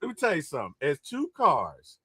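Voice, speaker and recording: A man telling stories in casual chat, animated and laughing when excited. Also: a little high, a little fast, crowd noise.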